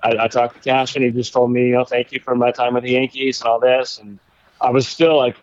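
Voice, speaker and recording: A man of middle pitch tells a story in a loose, rambling way, with easy laughs along the way. The recording is dry and a little dull, with no room sound. He sounds relaxed, a guest in a conversation. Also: brisk, no room sound. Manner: laid-back, rambling, laughs while telling stories. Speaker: former baseball pitcher, guest.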